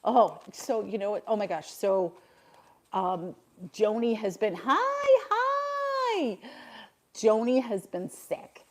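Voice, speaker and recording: A woman's voice: mid-range voice, measured pace. An older woman from Buffalo, New York, chatting casually on her livestream, reading out and answering viewers' comments and laughing often. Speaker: livestream host.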